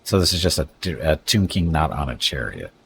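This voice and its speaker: A man's voice: extremely low pitch, big pitch swings, brisk, gravelly, a bit bright, a little hiss or hum. A man streaming a strategy game, casually reading out unit stats and greeting viewers. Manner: reads unit stats aloud, chats with viewers. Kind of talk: casual live-stream commentary.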